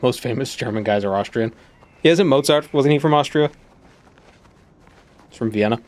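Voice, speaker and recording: A man's voice: mid-range voice, normal speed. A man casually chatting and musing while streaming a game, often trailing off mid-sentence. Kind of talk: casual gaming stream chat.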